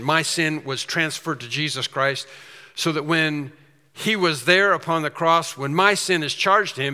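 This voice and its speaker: A man preaching an expository sermon, emphatic, slowing down and repeating phrases for stress. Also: fairly high pitch, pushed and bright. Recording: long hall reverb.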